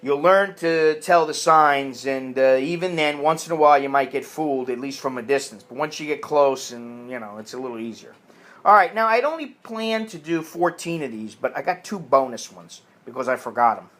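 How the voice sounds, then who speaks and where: An American man delivers blunt, profane advice in a casual monologue. His pitch rises and falls all over the place, and he mocks other people's voices whenever he quotes them. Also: animated, normal speed, a bit bright. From United States. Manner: blunt and crude, puts on mocking voices for quotes. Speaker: vlogger giving advice.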